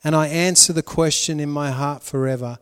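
Male pastor, fairly high voice, dynamic sermon delivery, long hall reverb. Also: steady tone, fairly quick, clear, resonant tone. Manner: dynamic preaching, swinging from loud emphasis to hushed prayer.

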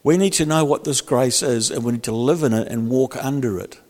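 A man's voice: medium pitch, fairly quick, darkish tone, big-room sound. A male pastor preaching in a conversational way, joking and acting out little scenes. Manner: conversational preaching with jokes and acted-out quotes. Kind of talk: sermon.

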